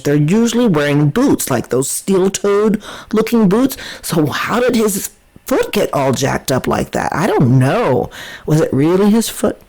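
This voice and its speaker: A woman's voice: lowish voice, darkish tone, poor audio. A woman hosting a podcast, giving chatty, opinionated political commentary in a scornful, mocking way. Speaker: podcast host.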